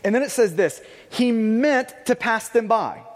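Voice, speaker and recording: A pastor delivering a conversational sermon, stumbling and restarting, with bursts of raised emphasis. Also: male voice, extremely high pitch, expressive, a little slow, big-room sound.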